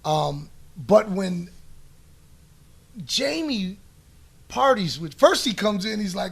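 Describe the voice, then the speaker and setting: Gravelly high-voiced man telling stories. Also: animated, slow pace, fairly bright tone. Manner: rambling, swears, many restarts and fillers. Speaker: podcast guest answering listener questions. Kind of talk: casual storytelling chat.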